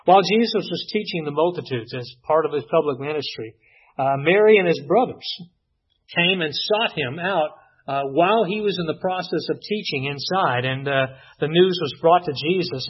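Husky-voiced man preaching a sermon, lo-fi. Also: fairly high pitch, lively intonation. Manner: unhurried storytelling, frequent "uh" and restarts. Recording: dull lo-fi recording.

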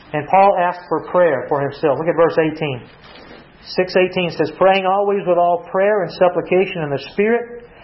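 A man preaching a Bible-teaching sermon, reading verses aloud and asking rhetorical questions. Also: fairly high pitch. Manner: asks rhetorical questions, reads scripture aloud. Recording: echoey, dull lo-fi.

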